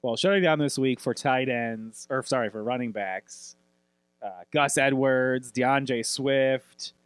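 A man's voice: medium pitch, slow, clean tone, dry recording. A man co-hosting a fantasy football podcast, rattling off player lists in crude, joking casual chat. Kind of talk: profane casual sports chat.

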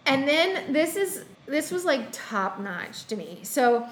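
A woman's voice: high voice, big pitch swings, slow, reverberant. A woman co-hosting a casual chat, recapping a film in a rambling way with many ums and quoted asides. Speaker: podcast co-host recapping a film.

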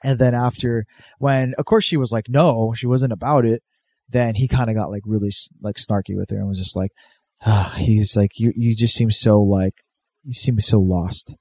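A man's voice: fairly low pitch, fairly even intonation, moderate pace, a little mellow. A man telling a rambling story in casual chat, loose and profane, with many fillers. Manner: rambling, profane, laid-back, lots of fillers.

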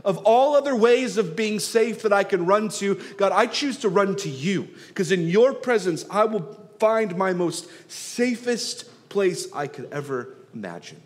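A man preaching a sermon, rising loud on key phrases and dropping soft and slow to draw them out. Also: sits high, lively intonation. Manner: swells and drops in loudness for emphasis, slows on key words. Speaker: pastor. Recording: long hall reverb.

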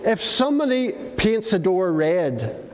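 High-voiced man in a hall. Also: very animated, a little slow, a little mellow. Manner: storytelling, asks the children questions. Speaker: children's talk leader. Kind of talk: children's talk in church. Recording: reverberant hall.

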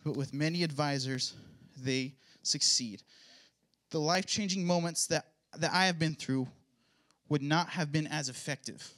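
A young man speaks at church about his upbringing, mixing earnest testimony with playful, self-mocking jokes. His voice sits a touch high and rings bright and clear. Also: moderate pace. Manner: joking, self-mocking asides. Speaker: pastor's son giving a church talk. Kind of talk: casual sermon testimony.

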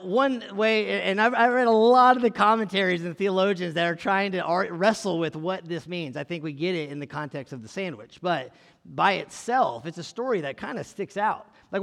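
A man's voice: high-pitched, vocal fry, a bit bright, big-room sound. A man preaching a conversational sermon, reading scripture and asking his listeners questions in a casual way. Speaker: pastor.

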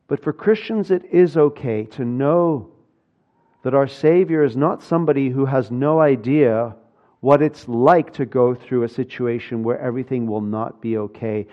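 A man's voice: medium pitch, highs cut off. A man preaching a sermon, earnest and building to urgent, emphatic passages. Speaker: pastor.

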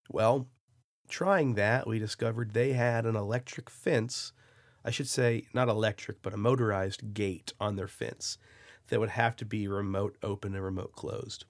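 A man with a lowish voice tells a personal story on his podcast in a loose, chatty way. He swears freely and breaks in with quick asides. The recording is dry and close. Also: dry recording. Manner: animated, profane, lots of asides. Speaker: podcast host. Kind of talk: casual storytelling.

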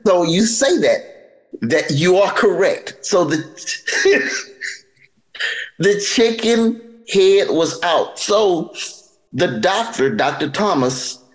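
Lively, laughing male comedy podcast host. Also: high voice, slow, long pauses, rough recording. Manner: laughs often while reading aloud. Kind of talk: casual comedic chat.

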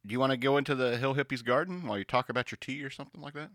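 A man's voice: medium pitch, very fast, no room sound, studio quality. A man co-hosting a podcast in casual comedic chat, joking and playful. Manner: joking, playful, animated storytelling. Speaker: podcast co-host.

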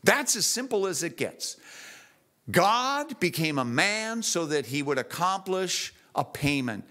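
Lively animated male preacher. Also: sits high, a little slow. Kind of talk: sermon. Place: church.

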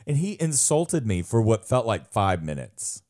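Animated low-voiced man telling stories. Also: measured pace. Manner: animated, laughing, acts out quotes in silly voices. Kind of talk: casual chat, storytelling.

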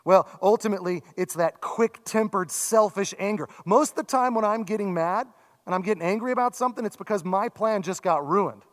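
Male pastor, 30s-40s, conversational sermon with a fairly high voice, recorded in a reverberant church hall. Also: fairly quick. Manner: conversational, self-deprecating, animated asides. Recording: long reverb from a large hall.

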